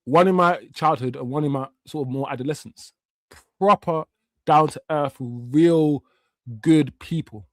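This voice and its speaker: A man's voice: fairly high pitch, measured pace, no room sound. A man, hosting a live watch-along stream in a heated, slang-filled rant that often swears. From Jamaica. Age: 50s.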